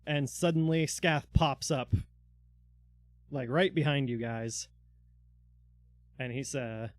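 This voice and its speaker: A man's voice: mid-range voice, slow pace, long pauses, dry recording. A man narrating a tabletop game as dungeon master, in loose narration full of fillers.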